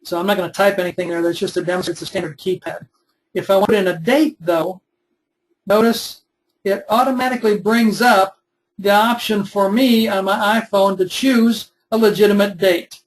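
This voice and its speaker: A man's voice: high-pitched, steady tone, normal speed, slight background noise, rough recording. A man in his twenties, teaching a recorded web development webinar in a conversational, step-by-step way with frequent fillers. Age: 20s.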